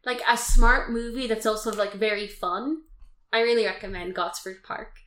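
A woman's voice: fairly high pitch, fairly even intonation, moderate pace, a bit bright. A woman co-hosting a podcast, chatting casually and rambling about films, swearing now and then. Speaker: podcast co-host. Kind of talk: casual film review chat. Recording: roomy echoey room.

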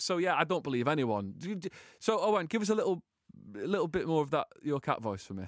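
A man's voice: on the high side, big pitch swings, fast talker, no room sound, clean studio sound. A man hosting a podcast in casual chat, talkative and self-mocking. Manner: chatty and self-mocking, slips into silly voices. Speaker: podcast host.

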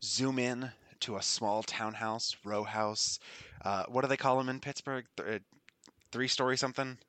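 A man's voice: mid-range voice, fairly even intonation, moderate pace, fairly bright tone, no echo. A man narrating a tabletop game as game master, rambling and laughing as he goes. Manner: rambling, laughing, self-correcting.

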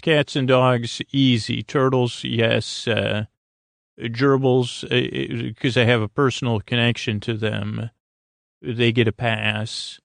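A man with a gravelly, creaky voice rambles through a goofy bedtime monologue, drifting from thought to thought. He stumbles over restarts and leans on fillers, and the recording is dry and close. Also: medium pitch, fairly even intonation, unhurried, no room sound. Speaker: sleep podcast host.

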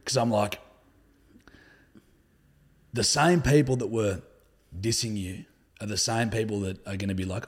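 A man's voice: lowish voice, fairly even intonation, unhurried, long pauses. An Australian man in a casual podcast chat who talks bluntly and swears freely. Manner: blunt, sweary, laid-back. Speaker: podcast co-host, guest.

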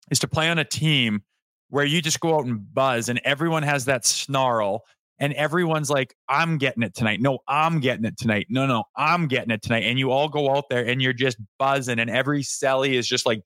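A man co-hosting a sports podcast in casual chat, talking in an animated way and swearing freely. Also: medium pitch, no room sound, clean studio sound. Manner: animated, swears, acts out players' voices. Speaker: podcast co-host.

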